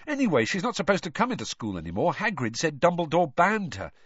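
A man's voice: a little high, wildly swooping pitch, fast, fairly bright tone, slightly rough, dry recording, muffled recording, pitched above the performer's own voice, full character voice. A man voicing a blunt, easily indignant teenage boy. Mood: matter-of-fact.

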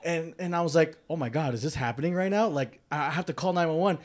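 Guy chatting w friends, says dude a lot, bit higher voice. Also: fast talker. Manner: laid-back slangy storytelling. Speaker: retail worker. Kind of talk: casual chat.

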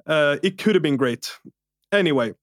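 Animated man telling a story on a podcast. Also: on the high side, normal speed, no echo, clean studio sound. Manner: animated, laughs through his own story. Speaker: podcast co-host.

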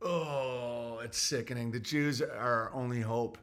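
A man's voice: mid-range voice, steady tone, normal speed, a bit bright. A man hosting a solo livestream, reading super chats in a grumpy, sarcastic ranting way.

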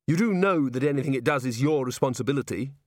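Man doing a sarcastic tired lady cop, deadpan and dry, close audiobook sound. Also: mid-range voice, fast, no echo, close to an everyday voice. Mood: wry. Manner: sardonic, flat and weary. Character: dry, wry young woman officer with a growl. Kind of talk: audiobook character voice.

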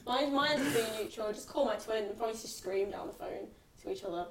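A woman's voice: on the high side, quick pace, a crowd in the background. A woman co-hosting a casual podcast, making dry teasing remarks. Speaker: podcast co-host. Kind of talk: casual chat.

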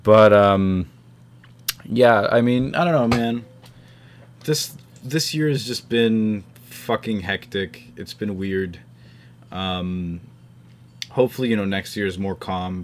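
A man's voice: low-pitched, slight background noise. A young man from the New York area hosting a casual podcast, swearing often and trailing off into fillers. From New York tri-state area. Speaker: podcast host. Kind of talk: casual group chat.

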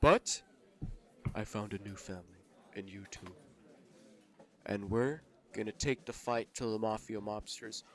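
A man's voice: on the low side, a little slow, pauses often, pitched below the performer's own voice, close to an everyday voice. A man playing a scheming Santa Claus in an improvised comedy role-play, delivering rambling, mock-grand speeches. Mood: rallying. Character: scheming male Santa Claus leading a revenge mission.

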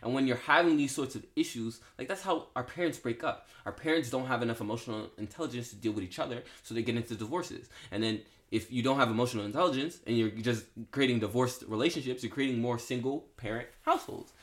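A man's voice: medium pitch, fast, hardly any pauses. A young man co-hosting a podcast, arguing his view in casual conversation, padding his talk with "like" and "you know". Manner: conversational, heavy use of filler "like" and "you know". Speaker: podcast co-host. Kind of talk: casual debate chat.

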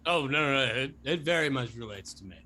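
A man playing in a tabletop game who talks hesitantly and deliberately. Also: mid-range voice, lively intonation, sharp tone. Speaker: player. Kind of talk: casual tabletop play.

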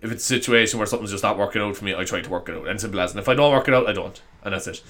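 A man's voice: on the low side, rapid-fire, fairly bright tone. A young man hosting a solo comedy podcast, rambling and swearing with self-mocking humor. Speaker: podcast host.

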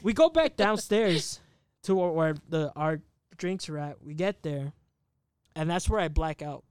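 A man's voice: on the high side, expressive, a little slow, a little mellow, clean tone, dry recording, studio quality. A man in his twenties telling a rambling, profane story in a casual podcast chat. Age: 20s. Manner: rambling, profane, laughs at himself.

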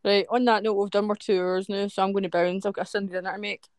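A Scottish woman from Greenock co-hosting a loose chat, chatty and quick to swear. Her voice sounds dry and close to the mic. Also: mid-range voice, level tone, dry recording. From Scotland. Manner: chatty, sweary, laughs easily. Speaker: co-host. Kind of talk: casual podcast chat.

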